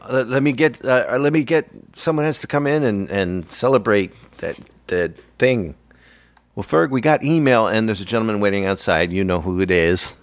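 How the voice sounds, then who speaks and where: A man's voice: fairly low pitch, normal speed, no room sound. A man co-hosting a podcast, chatting casually and teasing his friend with jokes. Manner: joking, teasing, playful. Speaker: podcast co-host. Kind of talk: casual chat.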